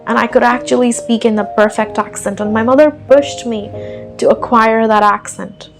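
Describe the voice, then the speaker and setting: A woman's voice: on the high side, steady tone, moderate pace, gravelly, soft background music. A young woman from India with a blend of British and American accent, earnestly narrating a personal story as an English accent tutor.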